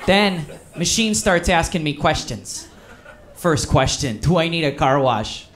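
A man's voice: on the high side, lively intonation, measured pace, a crowd in the background. A man voicing an overconfident, long-winded small-town uncle with a folksy Wisconsin accent. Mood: eager.

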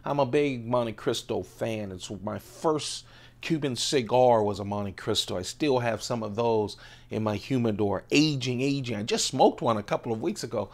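A man in his late fifties with a creaky, mid-range voice hosts an EDC vlog, casually showing off the items he carries in his pockets. He's chatty, laughs often, and drifts off on tangents in this rambling show-and-tell.

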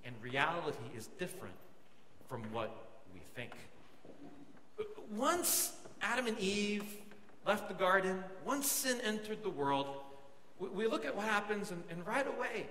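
Young guy pastor, joking about himself in a sermon, high voice, loud hall with people around. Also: a little slow. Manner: animated, self-mocking storytelling with quoted asides. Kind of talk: sermon with comic personal story. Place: large church hall. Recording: echoey hall, audience noise.

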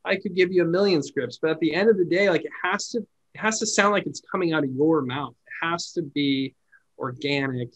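A man's voice: a little high, fairly quick, a bit bright, highs cut off. A man who owns a call center, a guest on a podcast, explaining his ideas thoughtfully with frequent restarts. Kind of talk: casual podcast chat.

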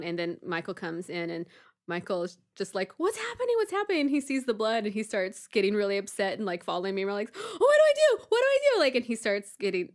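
A woman in her thirties, co-hosting a podcast, telling a story in a casual, animated way and acting out panicked voices with laughter. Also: mid-range voice. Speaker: podcast co-host.

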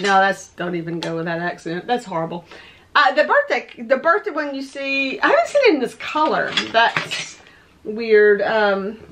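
A woman with a voice going hoarse, rambling as she shows off her thrift finds at home. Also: medium pitch, background noise. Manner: rambling, chatty, thinking aloud. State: losing her voice. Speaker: vlogger showing thrift finds. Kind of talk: casual show-and-tell chat. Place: home room with window open. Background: dogs barking.

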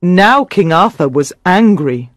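High-voiced man reading a story. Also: animated, slow, dry recording, studio quality. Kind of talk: graded-reader story narration for English learners.

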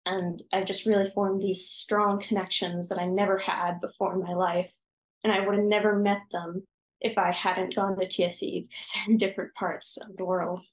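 A woman's voice: medium pitch, little pitch movement, moderate pace, echoey room, poor audio. A teenage girl in seventh grade, answering interview questions with enthusiastic, gushing bursts over a video call. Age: teenage 7th grader. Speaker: student guest.

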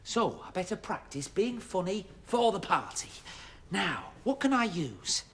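A man's voice: high voice, sing-song, unhurried, fairly bright tone, slightly rough, full character voice. A man playing a cheerful, fussy engine driver in a children's show, talking to viewers with exaggerated expression. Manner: exaggerated, chatty, addresses viewers. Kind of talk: children's TV acting.

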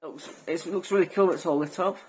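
Cheerful woman, lowish voice. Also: racing, a little mellow, low-quality recording. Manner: cheerful, chatty, giggles often. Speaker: parent presenting gifts. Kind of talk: casual family vlog chat.

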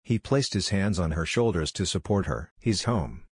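A man narrates the story in a low, slightly husky voice. The sound is dry and close, with no room around it. He keeps an even, steady reading pace throughout. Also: normal speed, dry recording. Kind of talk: scripted narration of a fan fiction story.

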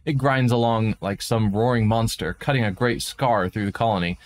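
A man streaming a game, reading a visual novel aloud with dramatic narration and quick asides of his own. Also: on the low side. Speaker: let's play streamer.

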